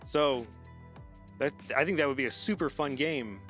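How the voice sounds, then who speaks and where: A man's voice: mid-range voice, moderate pace, a bit bright, soft background music. A man hosting a live gaming stream in casual chat, laughing often and rambling with restarts.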